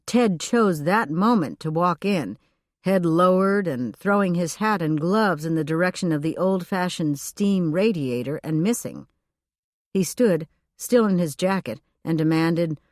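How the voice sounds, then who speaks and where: A woman narrating a cozy mystery audiobook in a steady, expressive storytelling manner on a close mic. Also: sits low, a little slow, dry recording.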